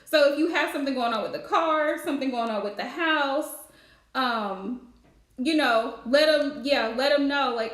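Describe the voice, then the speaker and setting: A woman's voice: high voice, moderate pace, a bit bright, roomy sound. A woman giving a live-streamed spiritual reading, chatty and advice-giving with lots of fillers. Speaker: psychic card reader.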